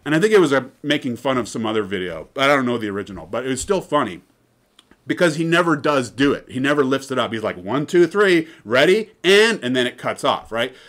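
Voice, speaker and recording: A man's voice: medium pitch, animated, quick pace, a bit bright. A man giving an informal lecture in a chatty, digressive way, often checking in with "right?".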